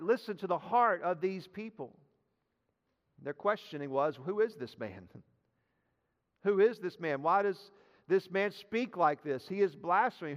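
High-voiced man preaching a sermon. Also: clear, resonant tone, big-room sound. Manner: emphatic preaching, often says "listen", repeats key phrases. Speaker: pastor.

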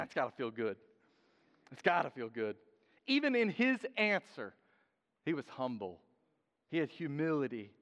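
A man preaching a sermon in a lively, joking way, acting out quotes in different voices. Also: on the high side. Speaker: pastor. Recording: dull sound with long hall reverb.

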